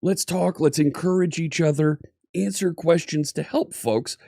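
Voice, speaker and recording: A man's voice: a little high, unhurried, vocal fry, mellow, dry recording, studio quality. A man hosting a casual coding live stream, upbeat and chatty, greeting viewers one by one.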